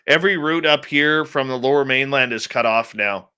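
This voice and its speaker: A middle-aged man hosts a live show in a loose, casual way. His voice is bright and forceful at a middling pitch. He greets viewers by name and rants bluntly. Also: moderate pace, smooth. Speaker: radio show host. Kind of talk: casual live-stream chat.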